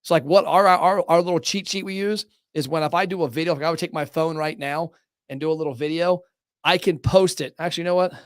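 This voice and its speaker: Upbeat male podcast host with a fairly high voice and a pitch-driven, motivational delivery; close, dry studio mic. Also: no echo. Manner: energetic, animated, talks in quick bursts; salesy, motivational. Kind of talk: casual podcast conversation.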